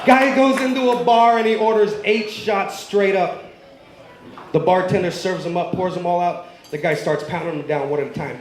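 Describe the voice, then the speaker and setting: A man's voice: high voice, reverberant, slight background noise, low-quality recording. A man doing stand-up, firing off short jokes one after another and ribbing the audience. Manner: rapid-fire punchline delivery, ribbing the audience. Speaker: stand-up comedian. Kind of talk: stand-up joke telling.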